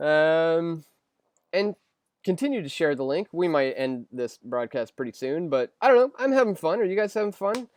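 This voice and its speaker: A young man hosts a loose live stream, reading out viewer questions and answering in a rambling way, full of ums and restarts. His voice sits a bit high for a man. The sound is dry and close, with no room around it. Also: sing-song, normal speed, a little mellow, dry recording. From Canada. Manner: rambling, filler-heavy, restarts often.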